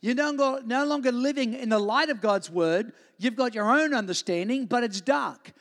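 High-voiced preaching man in a reverberant hall. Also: normal speed, fairly bright tone. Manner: preaching with call-and-response asks for amen. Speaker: pastor. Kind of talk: sermon. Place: church.

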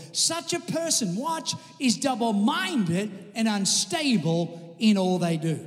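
A man from Australia, preaching a sermon emphatically to a congregation and calling out for amens. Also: sits high. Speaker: pastor. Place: church sanctuary. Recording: long reverb of a large hall.

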